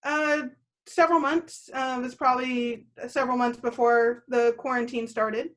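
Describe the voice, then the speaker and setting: A woman's voice: sits high, fairly even intonation, normal speed. A woman in her thirties, a guest on an interview show, answering in an easygoing way with frequent "uh" and "um". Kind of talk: casual interview.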